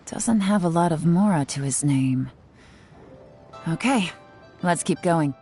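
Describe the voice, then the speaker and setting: A woman voicing a calm, shrewd young female traveler in video game dialogue, measured and politely formal. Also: fairly low pitch, soft background music. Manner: measured, playfully formal when flattering.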